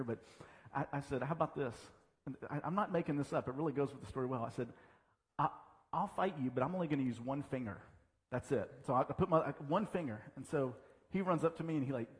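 Male pastor, sermon, playful storytelling, mid-pitched voice, long church-hall reverb. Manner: humorous storytelling, self-deprecating asides. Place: church sanctuary.

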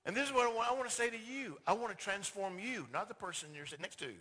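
A man's voice: sits high, rapid-fire, hardly any pauses, bright, forceful tone, breathy edge. A man preaching a sermon, emphatic and direct, who acts out little dialogues to make his points. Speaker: pastor.

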